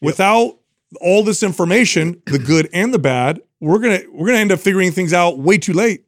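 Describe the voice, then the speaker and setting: A man in his forties talks emphatically in a casual podcast chat, stumbling over his openings before he makes his point. His voice sits a little high and the sound is dry and close. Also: lively intonation, a little fast, no room sound. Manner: emphatic, repeats words when starting sentences. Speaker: podcast co-host. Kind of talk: casual discussion.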